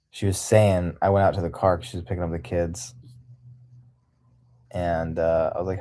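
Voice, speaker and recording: A man's voice: sits low, moderate pace, pauses often, dark tone. A man hosting a livestream, talking casually and candidly in a rambling way, often laughing. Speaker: livestream host.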